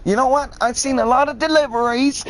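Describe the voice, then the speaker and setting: A man's voice: extremely high pitch, steady tone, a little fast, fairly bright tone, pitched above the performer's own voice, poor audio. A man voicing a brazen, haughty woman who takes someone's parcel.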